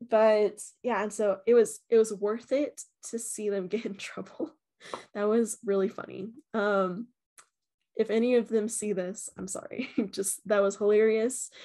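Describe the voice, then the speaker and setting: A young woman with a medium-pitched, slightly mellow voice recounts her haunted house visit in a casual vlog review. She's chatty, fills her speech with "um" and "like," and acts out quotes using different voices.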